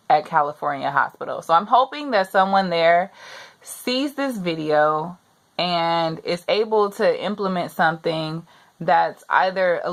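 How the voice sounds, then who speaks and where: A woman's voice: medium pitch, fairly bright tone. A young pregnant woman venting her frustration in a personal rant to the camera, repeating herself as she gets upset. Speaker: vlogger.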